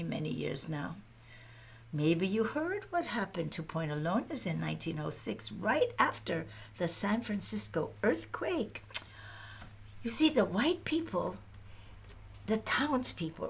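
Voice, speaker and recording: A woman storyteller speaks in the first person as a plainspoken Chinese American pioneer woman, using a Chinese accent in a full character voice that is breathy and quick to laugh. She chats directly to her audience in a chatty mood, her voice lowish and sing-song.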